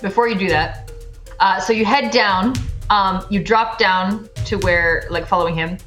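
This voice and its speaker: Female game master: slow, filler-heavy scene narration over quiet music. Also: medium pitch, echoey room. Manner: halting narration with frequent fillers.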